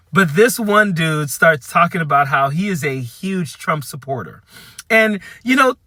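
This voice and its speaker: Middle-aged male vlogger, bright forceful tone, slightly high voice, dry close sound, wry storyteller. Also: no room sound. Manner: animated, wry, addresses viewers directly. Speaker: political commentator. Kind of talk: casual storytelling to camera.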